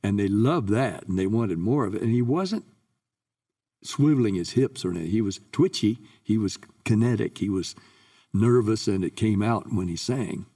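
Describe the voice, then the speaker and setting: Older man telling stories, low and mellow. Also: normal speed, breathy edge, distant mic. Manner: lively recounting, acts out quoted voices. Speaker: guest singer. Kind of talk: anecdotal interview storytelling.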